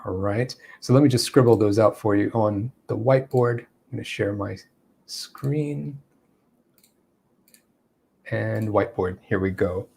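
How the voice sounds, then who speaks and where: A man's voice: fairly low pitch, measured pace, vocal fry, pauses often, a little mellow, slight background noise. A man giving a live-streamed English lesson, explaining step by step and acting out spoken examples. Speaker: English teacher.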